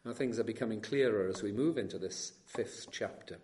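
A man preaches an expository sermon, moving between soft and loud emphasis, slowing on key words, and asking the listeners questions. His voice is lowish, with a little hiss or hum in the background.

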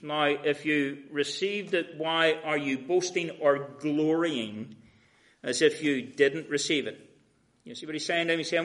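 A man preaching an expository sermon, reading verses and paraphrasing them in a sarcastic everyday voice, swinging from loud emphatic lines to quiet asides. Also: on the high side.

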